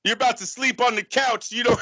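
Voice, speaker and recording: A man co-hosting a casual podcast, excitable and profane, often laughing. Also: extremely high pitch, fairly quick, dry recording. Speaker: co-host.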